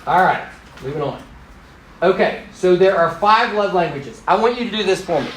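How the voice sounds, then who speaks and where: A middle-aged man with a fairly high voice preaching in a relaxed, talkative way. He tells stories and turns to speak right to the congregation, often laughing at himself. A faint hiss sits under the voice. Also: normal speed, echoey room, rough recording. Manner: conversational and self-deprecating, addresses the crowd directly. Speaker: pastor. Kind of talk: storytelling sermon to a congregation.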